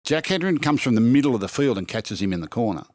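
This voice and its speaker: A man's voice: mid-range voice, animated, rapid-fire, darkish tone, dry recording. An older man with an Australian accent, a former rugby league coach telling stories in casual chat, acting out quotes with many restarts. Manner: yarn-spinning, acts out quotes, frequent restarts.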